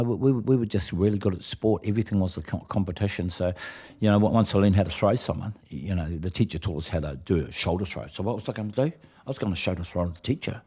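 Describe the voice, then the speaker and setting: A man's voice: deep voice, mellow, husky. A man, a guest telling rambling stories in a casual interview, with many restarts.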